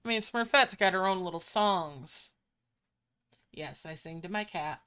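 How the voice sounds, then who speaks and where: Slow, smooth-voiced woman chatting while gaming. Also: fairly low pitch, bright, forceful tone. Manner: chatty, musing aloud while playing. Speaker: mobile game streamer. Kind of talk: casual gameplay commentary. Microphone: desk microphone.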